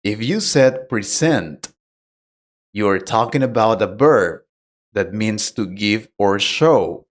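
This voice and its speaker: An expressive man with a voice on the low side teaches English pronunciation at an unhurried, deliberate pace. He gives plain, patient explanations and puts questions directly to his learner.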